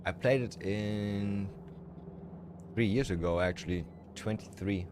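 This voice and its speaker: He speaks unhurriedly in a lowish voice, chatting casually on a game livestream with strong views. His talk meanders and restarts often, and loud music and noise fill the background.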